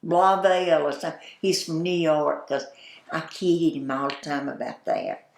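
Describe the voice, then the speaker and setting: A woman's voice: low voice, steady tone, a little slow, creaky, darkish tone, echoey room. An older woman with a Southern US accent, telling folksy stories in an oral history interview and laughing as she goes. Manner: folksy, chatty, laughs while telling anecdotes. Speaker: interviewee, former store owner.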